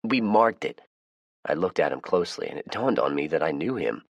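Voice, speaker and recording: Very deep-voiced male audiobook narrator. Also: lively intonation, fast talker, creaky, no room sound. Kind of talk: first-person audiobook narration.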